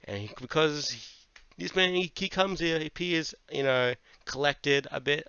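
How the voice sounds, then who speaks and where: Excitable swearing man reviewing manga. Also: on the high side, moderate pace, smooth, no room sound. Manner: animated, swears a lot, goes on tangents. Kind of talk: casual review monologue. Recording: dull lo-fi dry mic.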